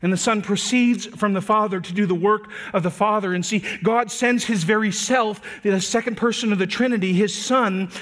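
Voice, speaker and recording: Man, pastor, sermon, earnest, slightly higher voice, emphatic slowdowns, soft hushed moments. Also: steady tone. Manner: earnest preaching, slows and lifts voice for emphasis; drops to soft, quiet delivery on tender points.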